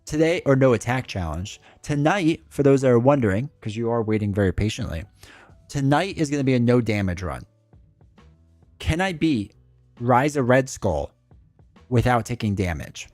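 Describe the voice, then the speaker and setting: A male streamer of average pitch talks casually through a live broadcast, reading chat messages and answering them in a loose, rambling way. His voice sounds dry and close to the mic. Faint music plays behind him. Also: animated, moderate pace, darkish tone, no echo. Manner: chatty, reads and answers chat, rambling asides.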